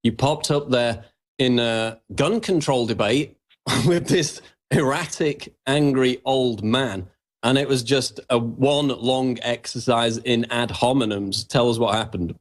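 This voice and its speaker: Guy hosting a radio talk show, quick and pushy, middle pitch. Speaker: guest host.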